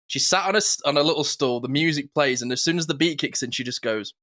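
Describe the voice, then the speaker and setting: Male co-host, bright and forceful tone, lively storyteller who acts out quotes. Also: on the high side, fast. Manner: animated storyteller, laughs often, acts out quotes. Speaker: podcast co-host. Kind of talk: casual chat.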